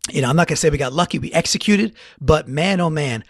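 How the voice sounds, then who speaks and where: A man talking fast and with feeling through a solo sports recap, stacking up repeated phrases for emphasis. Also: fairly high pitch, no room sound, studio quality. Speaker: podcast contributor.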